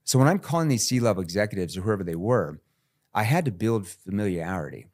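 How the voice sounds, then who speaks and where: A man, a sales trainer, talking energetically in an interview and jumping into acted sales calls. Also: fairly quick. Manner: animated, jumps into high-pitched role-play voices. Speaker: sales trainer, podcast guest.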